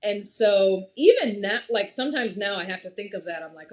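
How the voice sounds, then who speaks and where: A woman in her thirties, a podcast guest in casual conversation, telling stories in an animated way and laughing often. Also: mid-range voice, normal speed, few pauses. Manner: animated storytelling with frequent laughs.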